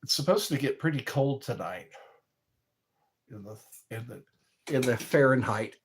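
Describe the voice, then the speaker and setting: A man's voice: medium pitch, animated, moderate pace. A man hosting a livestream, chatting casually with viewers in a rambling way and chuckling often. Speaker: livestream host. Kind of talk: casual chat answering viewer comments.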